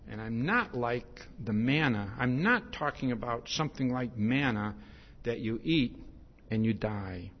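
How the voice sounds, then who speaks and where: Husky, emphatic male preacher. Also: medium pitch, a little slow. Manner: repeats "see?" often, emphatic, lively rises and drops. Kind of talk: expository sermon on a Bible passage. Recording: dull lo-fi sermon recording.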